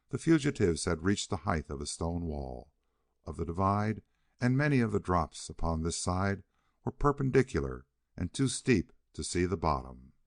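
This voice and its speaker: A man reading a western novel aloud as an audiobook narrator, in a steady storytelling read on a close mic. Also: low voice, gravelly, no echo. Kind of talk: scripted narration.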